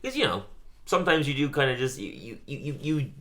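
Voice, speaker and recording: A man's voice: mid-range voice, very animated, brisk, a bit bright. A man co-hosting a podcast, casually recapping a cartoon episode, laughing often and acting out quoted lines. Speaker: podcast co-host.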